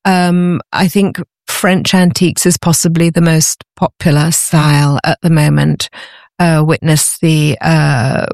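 Interview guest, enthusiastic storyteller, slightly rough voice, mid pitch. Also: fairly even intonation, measured pace, no echo, clean studio sound. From Britain. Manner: enthusiastic, warm storytelling, many fillers and restarts. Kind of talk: conversational interview.

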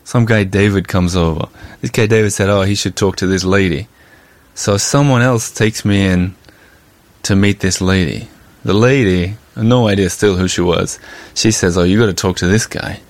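Deep-voiced, chatty male podcast storyteller. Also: moderate pace, dry recording. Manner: chatty, conversational, with fillers and asides. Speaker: podcast host and journalist. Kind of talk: casual storytelling monologue.

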